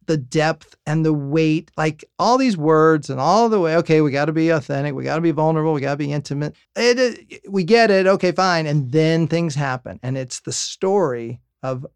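A male podcast host with a smooth, clear voice, recorded close and dry. He laughs often and works his thoughts out as he speaks, with frequent restarts. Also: on the high side, animated, normal speed, few pauses, no echo. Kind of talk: casual podcast conversation.

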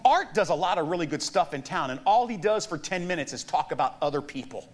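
High-pitched pastor guy, middle-aged, telling stories in his sermon, laughs a lot. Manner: storytelling, animated, quick asides with laughs.

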